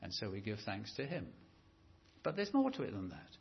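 A man preaching a sermon in a church, animated and stretching key words for emphasis. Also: on the low side, normal speed, creaky, muffled recording.

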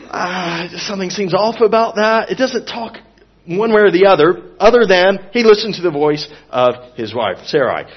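A man preaching a sermon in an earnest, expressive way, moving from emphatic to hushed. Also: sits high, dull audio.

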